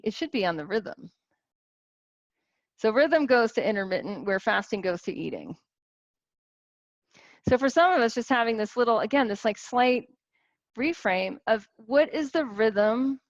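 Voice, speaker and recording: A woman in her forties giving a casual teaching talk to a group as a wellness coach, animated, with many restarts and rhetorical questions. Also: fairly high pitch, dry recording, lo-fi sound. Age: 40s.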